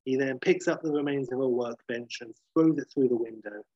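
Brief: male recapper, husky voice, sardonic asides, slightly dull recording. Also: medium pitch, fairly quick, a little mellow, dry recording. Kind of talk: wry episode recap narration.

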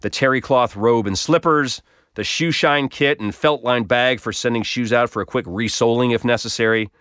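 A man's voice: medium pitch, normal speed, fairly bright tone, clean tone, no echo, clean studio sound. A man telling a personal story in a wry, self-deprecating, conversational way. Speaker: blog storyteller.

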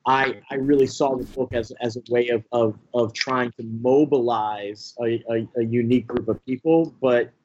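A young man, a pastor and author, telling his story as a guest in a casual interview, animated, with many fillers and mimicked voices. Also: mid-range voice, normal speed, few pauses, dull audio, a little hiss or hum. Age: young adult.

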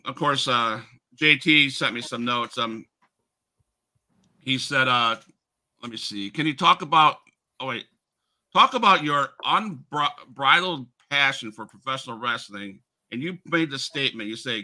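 A man's voice: medium pitch, sharp tone. A man hosting a podcast, talking in an earnest, rambling way with lots of fillers. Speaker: podcast host. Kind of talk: casual interview chat.

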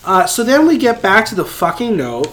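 A man's voice: high-pitched, very animated, moderate pace, a bit bright. A man co-hosting a podcast, recapping an episode in casual chat, playful and teasing, with some swearing. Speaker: podcast co-host.

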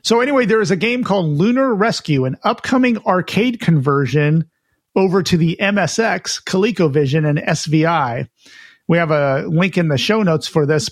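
A man co-hosting a casual retro gaming podcast, chatty and relaxed, reading out listener news with his own asides. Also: a little high, no echo, clean studio sound. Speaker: podcast co-host.

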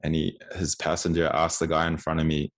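A man's voice: very deep voice, completely flat delivery, a little fast. A man in his twenties telling candid stories in casual conversation, often repeating words as he goes. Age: 20s.

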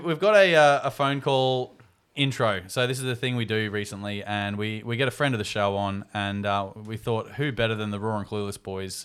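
A man's voice: fairly low pitch, fairly bright tone, clean tone. A man with an Australian accent hosting a casual podcast chat, bantering loosely and swearing freely. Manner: laid-back banter, swears and laughs often. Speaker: podcast host.

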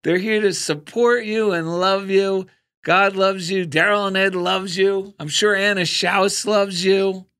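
A man hosting a spiritual talk show in casual chat, telling stories with lively energy and bursting into loud cartoon impressions. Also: high-pitched, measured pace, clear, resonant tone. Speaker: radio show host.

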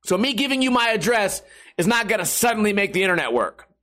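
A man's voice: sits high, big pitch swings, quick pace, sharp tone. A young man talking straight to camera in a casual, sarcastic rant, swearing freely as he vents about his internet and skating. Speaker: skateboarder vlogger. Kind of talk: casual profane monologue.

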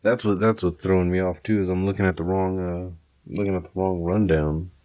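Laid-back, swearing podcast host, low voice. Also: male voice, fairly even intonation, fairly quick, darkish tone, no echo. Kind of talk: casual podcast chat.

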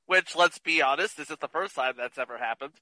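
A man joking casually through a movie commentary with quick asides. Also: a little high, bright, forceful tone, dry recording, low-quality recording. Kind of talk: casual commentary over a film.

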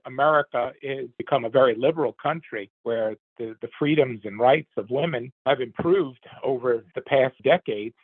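A man's voice: a little high, breathy edge, no echo. An older man, the host's father, rambling earnestly through his opinions in a casual commentary. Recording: tinny phone line.

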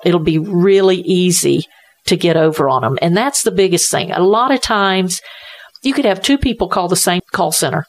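A woman's voice: lowish voice, moderate pace. A woman who runs a tech support business for seniors, talking earnestly in a conversational interview and repeating her points for emphasis.

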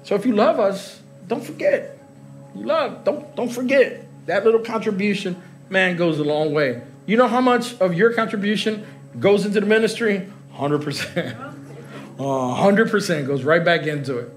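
A man's voice: high-pitched, lively intonation, moderate pace, faint music behind. A middle-aged man preaching live as pastor in a large church hall, joking with the congregation and laughing. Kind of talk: sermon.

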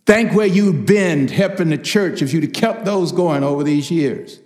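An older man preaching a personal testimony, telling stories with lively quoted voices. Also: on the high side, normal speed. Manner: animated storytelling, acts out quoted voices. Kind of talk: testimony sermon.

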